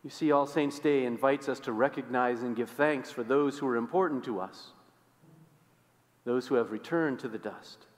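A male pastor preaching a sermon in a church, swinging between loud emphasis and hushed, quiet lines. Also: medium pitch, normal speed, in a large hall. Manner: expressive, swings from loud to hushed, acts out quoted voices. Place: church sanctuary.

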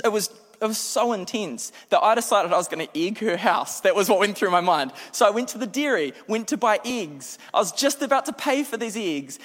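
A man with a New Zealand accent preaching a sermon as a lively, self-deprecating storyteller. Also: high voice. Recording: long hall reverb.

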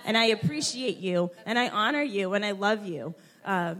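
A young woman speaking at a church gathering, heartfelt and halting as she fights back tears. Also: medium pitch, animated, fairly bright tone. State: close to tears. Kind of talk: emotional tribute at a church women's gathering.

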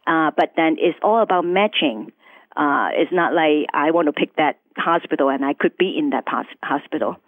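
Lively woman. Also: low voice, normal speed, dry recording. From Hong Kong. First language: Chinese. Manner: lively storyteller, acts out dialogue, laughs often. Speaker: interview guest. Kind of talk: telling her story in a radio interview. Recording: tinny phone-like, dry radio recording.

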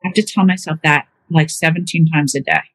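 Husky-voiced woman, chatty storyteller. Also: low-pitched, brisk, fairly bright tone, dry recording. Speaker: caregiver of her mother. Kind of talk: casual conversation.

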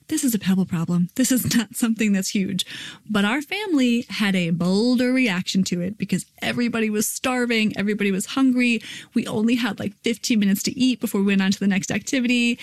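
A woman in her thirties hosts a parenting podcast, her mid-range voice a little mellow. She's quick and chatty, keeping it casual and acting out children's lines.

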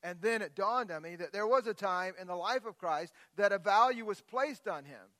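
A middle-aged male pastor delivers a sermon in a high, bright voice. He reads scripture softly, then rises into loud, fervent exclamations. The sound is close and dry. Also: animated, normal speed, no echo. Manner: builds from quiet scripture reading to loud impassioned exclamations.

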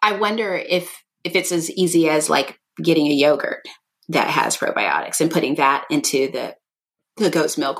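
Speaking at a moderate pace, this podcast co-host has a low, creaky voice. She talks casually, musing aloud in long, wandering sentences.

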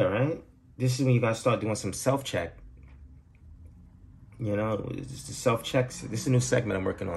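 A man's voice: lowish voice, creaky, darkish tone, slight background noise. A man hosting his own podcast, talking in a loose, profane, rambling monologue and laughing at his own jokes, recorded at home. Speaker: podcast host. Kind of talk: casual solo monologue.

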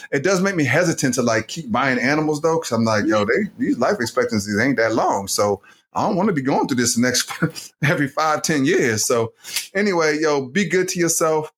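A middle-aged man co-hosting a podcast, laid-back and teasing, addressing listeners as "y'all". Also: mid-range voice. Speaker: podcast co-host, father. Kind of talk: casual podcast chat.

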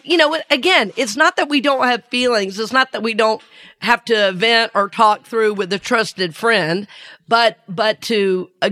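A spiritual teacher with a Southern US accent hosts a podcast, speaking earnestly and laughing often. Her voice is medium-pitched with a fairly bright tone.

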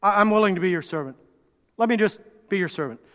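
A man's voice: high voice, lively intonation, quick pace, a bit bright. A man voicing a humbled younger son who pleads contritely. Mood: pleading. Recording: reverberant hall.

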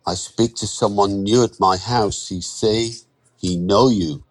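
A man reading a story and voicing an anxious male newcomer who stammers in halting broken English. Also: lowish voice. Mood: worried.

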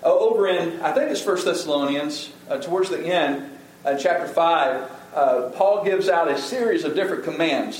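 Earnest preaching man in a roomy hall. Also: on the high side. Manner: earnest, conversational preaching with frequent restarts. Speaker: pastor. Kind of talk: sermon.

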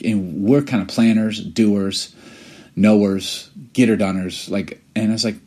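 A man's voice: on the low side, steady tone, a little slow, a little mellow. A man in his forties co-hosting a podcast, telling stories in an earnest, reflective way. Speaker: podcast co-host. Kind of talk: casual chat.

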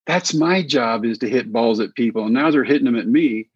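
Husky middle-aged man telling stories. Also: mid-range voice, a little fast, no echo. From Texas. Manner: animated anecdotes, acts out quoted voices. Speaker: interview guest, former pitcher. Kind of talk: casual storytelling. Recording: slightly dull dry sound.

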